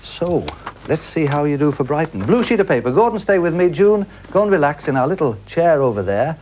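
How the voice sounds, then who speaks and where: A man's voice: a little high, big pitch swings, brisk, darkish tone. A man hosting a studio game show with a jokey, teasing patter and a studio audience.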